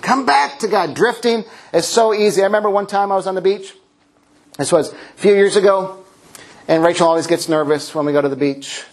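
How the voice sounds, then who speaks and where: A middle-aged man preaching a sermon, telling stories with self-mocking humor and animated delivery. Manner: animated, swings into high character voices. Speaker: pastor.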